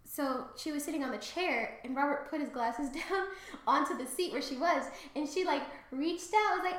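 A woman co-hosting a podcast in casual chat, excitable and sweary, loudly acting out quotes. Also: high voice, brisk, reverberant. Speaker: podcast co-host. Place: home room.

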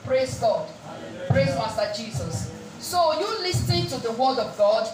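This sermon comes from a woman with a fairly high, sing-song voice at a moderate pace. She poses questions for the congregation to answer and keeps inserting "praise God" between points, recorded with a distant mic in an echoey room with faint music.

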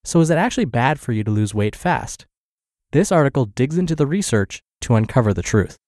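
A man hosting a daily podcast, reading a health blog article aloud in a steady scripted way, slightly stuffed up from the flu. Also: mid-range voice, fairly quick, no echo, studio quality.

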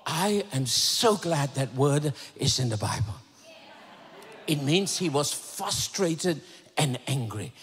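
A man preaching a sermon to a church with impassioned energy, swinging between shouted peaks and sudden hushed asides. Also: fairly high pitch, animated, slow pace, husky. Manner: impassioned, shouting builds and sudden drops to a hush. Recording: echoey hall reverb.

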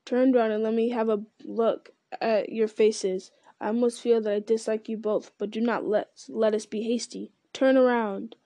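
A woman voicing an ancient, giant male tree creature who speaks slowly and solemnly, murmuring and humming as he thinks. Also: a little high, level tone, dark tone, no room sound, close to an everyday voice. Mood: wary. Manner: slow, deliberate, murmuring with hums.

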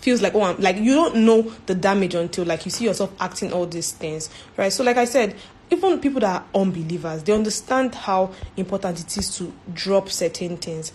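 A woman's voice: mid-range voice, fairly quick, a little mellow. A woman giving an informal faith talk as a church speaker, earnest, repeating herself and ending points with "right?".

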